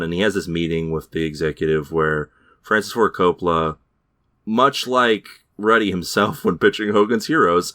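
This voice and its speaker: A deep-voiced man rambles through a show recap on a podcast, now and then slipping into mocking voices for the characters. His voice sits very low, and the sound is close and dry. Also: fairly bright tone, no room sound. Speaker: podcast host. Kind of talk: casual chat recapping a TV show.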